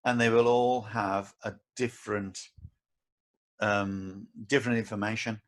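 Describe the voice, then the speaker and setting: A man co-hosting a casual podcast chat about martial arts, forthright and quick to laugh, speaking his mind. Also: on the low side, steady tone.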